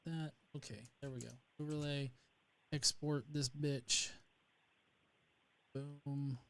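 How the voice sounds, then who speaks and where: Young guy from north alabama on a home livestream, kinda high voice, lots of ums and false starts. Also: steady tone, slow, a bit bright. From North Alabama, USA. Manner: rambling with many fillers and restarts. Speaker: livestream host. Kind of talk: casual livestream chat.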